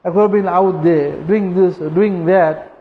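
Preacher guy, high voice, sermon in a big echoey mosque, kinda muffled. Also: steady tone, measured pace. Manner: storytelling, addresses the congregation directly. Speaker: mufti preacher. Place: mosque hall. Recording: echoey hall, dull sound.

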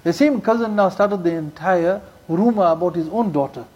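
Husky, high and dark yet mellow, this Islamic preacher's voice carries a sermon of stories and repeated key lines, his English peppered with Urdu and Arabic religious terms. He rattles off Quranic verses in Arabic, recorded with lo-fi sound.

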